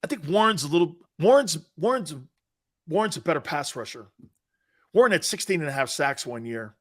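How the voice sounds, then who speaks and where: A middle-aged American man hosting casual live sports talk, animated and laughing, reading out viewer comments. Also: medium pitch. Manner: animated, loud bursts, laughs a lot.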